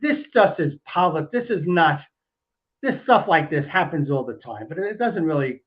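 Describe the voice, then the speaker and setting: Older guy journalist, stops and restarts a lot, slightly higher voice, muffled lo-fi audio. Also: lively intonation. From New Jersey. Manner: hesitant, many restarts, measured. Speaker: journalist guest. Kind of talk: political interview.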